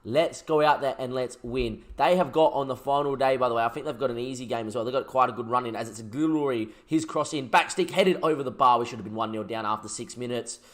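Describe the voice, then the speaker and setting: A man, commentating his own football management game as a let's play, shouting when goals go in. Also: medium pitch, fast, hardly any pauses. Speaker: gaming YouTuber.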